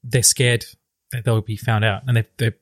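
A man's voice: fairly low pitch, dry recording, clean studio sound. A man chatting casually as a podcast co-host, eagerly retelling film scenes. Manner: fast, animated retelling of scenes.

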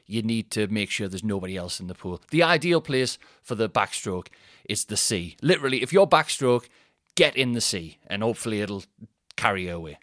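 A man's voice: lowish voice, lively intonation, a little fast, fairly bright tone, no echo, studio quality. A man in his thirties with a Geordie accent, telling rambling self-deprecating stories on a comedy podcast. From Newcastle, England. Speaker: podcast host and stand-up comedian. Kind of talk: casual comedic monologue.

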